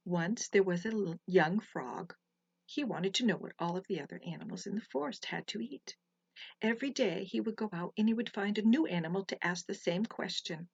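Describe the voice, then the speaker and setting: A woman telling folktales to children in a soft, gentle way, with hushed asides. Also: medium pitch, breathy edge, no room sound. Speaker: storyteller. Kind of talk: storytelling for children. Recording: slightly muffled, dry recording.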